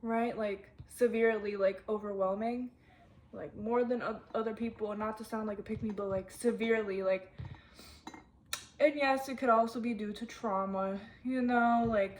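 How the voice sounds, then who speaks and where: A woman's voice: mid-range voice, slight background noise. A young woman in her twenties rambling candidly to camera in a casual vlog, full of fillers. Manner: rambling, frequent "like", candid and chatty. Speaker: vlogger. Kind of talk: casual confessional chat to camera.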